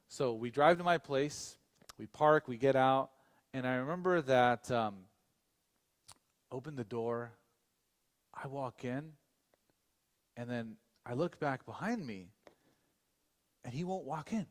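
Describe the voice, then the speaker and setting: A man's voice: mid-range voice, lively intonation, takes it slowly, pauses often, in a large hall. Chatty pastor man telling a story. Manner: casual, chatty, many fillers and restarts; speaks directly to the audience. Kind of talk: storytelling sermon.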